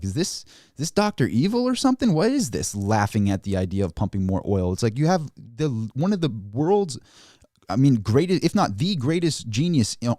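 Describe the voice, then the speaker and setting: A man hosting a live-stream finance show, talking through charts in an animated way, with mocking asides in quoted voices. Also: mid-range voice, no echo, clean studio sound. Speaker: finance channel host. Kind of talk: live-stream market commentary.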